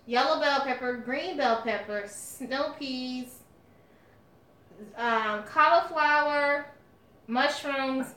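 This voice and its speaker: A woman's voice: sits high, a bit bright. A woman hosting a casual live cooking stream from her home kitchen, chatting with viewers and calling them honey and y'all. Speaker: cooking channel host. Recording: echoey room, faint noise.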